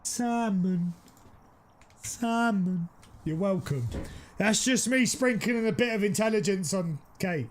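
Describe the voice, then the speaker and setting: A man streaming a game, chatting casually and teasing his viewers, quick to exclaim. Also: high-pitched, a little hiss or hum. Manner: excitable, teasing, exclaims often. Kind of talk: casual live-stream chat.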